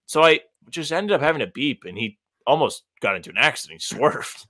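A man's voice: a little high, expressive, fairly quick, sharp tone. A man co-hosting a casual sports podcast, giving opinionated rants with mock outrage. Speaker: podcast co-host. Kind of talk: casual chat.

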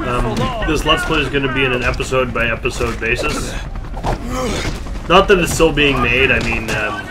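A man's voice: medium pitch, normal speed. A man hosting a let's play, giving casual, wry commentary over the game. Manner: chatty, wry asides. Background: game music.

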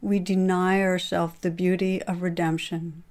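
A woman hosting a podcast, telling a long story in an earnest, steady way and quoting the people in it. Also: on the low side, unhurried. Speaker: podcast host. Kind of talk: retelling a story in a talk.

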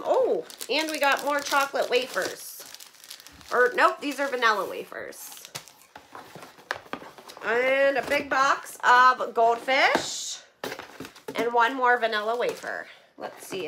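A woman vlogger with a high-pitched voice chats casually live with her viewers as she opens donations, gushing thanks and saying "like" and "oh my gosh" a lot. Noise fills the background.

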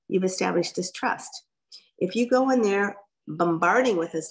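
A woman's voice: lowish voice, moderate pace, creaky. A woman giving a direct, folksy workshop talk as guest speaker. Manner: lively, direct, folksy coaching. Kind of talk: workshop presentation.

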